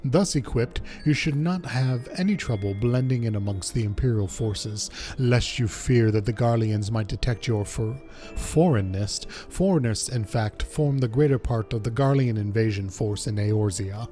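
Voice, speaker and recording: A man's voice: medium pitch, normal speed, warm tone, faint music behind, close to an everyday voice. A man reading a formal, secretive merchant. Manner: formal, somewhat stilted read. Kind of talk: reading game dialogue aloud on stream.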